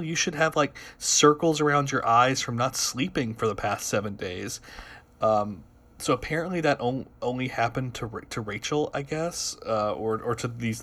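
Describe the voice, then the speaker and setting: A man's voice: medium pitch, a bit bright. A man co-hosting a film podcast, chatting casually and hedging with fillers. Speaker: podcast co-host.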